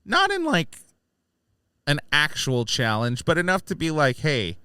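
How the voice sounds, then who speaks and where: A man co-hosting a casual film review podcast, animated, often acting out lines in mocking voices. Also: fairly high pitch, unhurried, clear, resonant tone, no room sound, studio quality. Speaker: podcast co-host.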